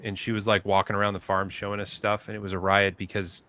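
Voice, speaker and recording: A man's voice: lowish voice, flat delivery, fast, sharp tone. A man hosting a livestream in casual chat, telling easygoing stories and acting out quotes. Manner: easygoing storyteller, acts out quotes. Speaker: livestream host.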